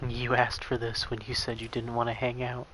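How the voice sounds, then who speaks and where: A man's voice: medium pitch, completely flat delivery, moderate pace, fairly bright tone, a little hiss or hum, poor audio. A man joking and teasing his friends in a casual gaming chat.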